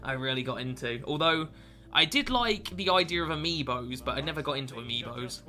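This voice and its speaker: Bright-voiced young British man streaming. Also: mid-range voice, lively intonation, a little fast, soft background music. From Britain. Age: 20s. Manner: rambling, swears a lot, laid-back chatter. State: up late at night. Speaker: gaming streamer. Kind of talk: casual live-stream chat with game commentary.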